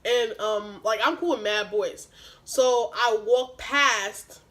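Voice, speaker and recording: A young woman vlogger retelling a story in casual, animated, profane slang. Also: a little high, slow, rough recording.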